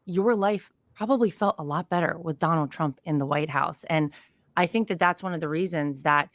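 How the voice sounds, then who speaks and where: A woman answering interview questions with steady, assertive talking points. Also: low voice, normal speed. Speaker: interview guest.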